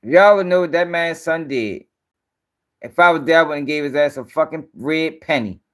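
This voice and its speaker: A man's voice: a little high, moderate pace, a bit bright. A man hosting a live-stream news show, ranting in casual, profane, rambling talk and sounding tired.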